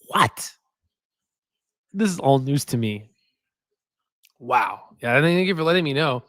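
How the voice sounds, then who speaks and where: A man's voice: mid-range voice, expressive, moderate pace, pauses often, no echo, clean studio sound. A man hosting a stock market livestream in a casual, rambling way, chatting about viewer comments and often tagging "right?" onto his points. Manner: repeats "right?" as a filler. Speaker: stock market channel host.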